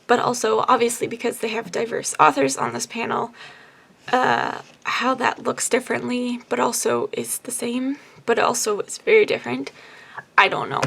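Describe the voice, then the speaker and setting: Chatty young woman with vocal fry. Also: on the high side. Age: 20s. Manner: chatty, upbeat, lots of "like" fillers. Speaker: book vlogger. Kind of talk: casual vlog chat. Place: bedroom at home. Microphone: camera on the bed.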